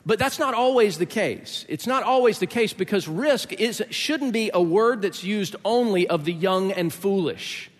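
A middle-aged male pastor tells a story from the pulpit in an animated way, switching into other people's voices and chuckling as he goes. His voice sits a touch high for a man. It carries through a church with a long reverb tail. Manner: animated storyteller acting out voices, laughing along. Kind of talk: sermon with storytelling.

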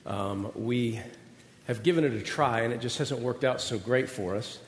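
A middle-aged pastor preaches to an audience in a large hall, telling self-deprecating personal stories conversationally. His voice is medium-pitched and moderately paced, with slight background noise and the long reverb of a roomy hall.

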